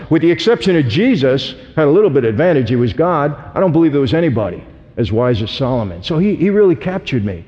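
A man tells his life story to an audience with earnest emphasis, addressing the listeners directly. His voice sits a little high. The lo-fi recording sounds dull and rings with the long reverb of a large hall. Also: animated, quick pace, darkish tone. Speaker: speaker giving a testimony. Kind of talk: personal testimony to an audience.

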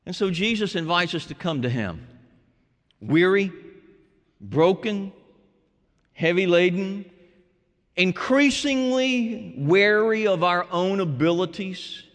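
A man's voice: sits high, expressive, takes it slowly, long pauses. Male pastor preaching in a reverberant hall. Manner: dramatic preaching, dropping to hushed tones and rising to shouts. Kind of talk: sermon.

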